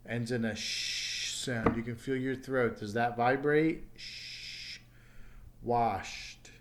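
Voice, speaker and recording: A man teaching an English pronunciation lesson, speaking carefully and repeating each sound for learners. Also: mid-range voice. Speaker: ESL teacher.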